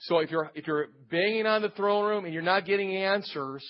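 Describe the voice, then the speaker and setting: A man's voice: high-pitched, fairly quick. Rambling man preaching a testimony. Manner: rambling, repeats words and restarts, storytelling. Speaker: lay preacher. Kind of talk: informal sermon with personal testimony. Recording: dull lo-fi church audio.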